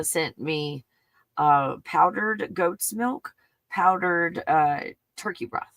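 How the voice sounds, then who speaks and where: Chatting casually on her livestream, a woman laughs as she rambles on about her puppy. Her voice sits low with a slightly bright edge, and there's no echo.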